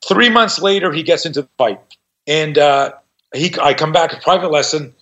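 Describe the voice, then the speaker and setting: A middle-aged man on a podcast tells a story in a casual, profane way, acting out the other voices. His voice sits fairly high for a man. The recording is slightly dull and lo-fi. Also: moderate pace. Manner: profane, animated, acts out quoted voices. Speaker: podcast guest.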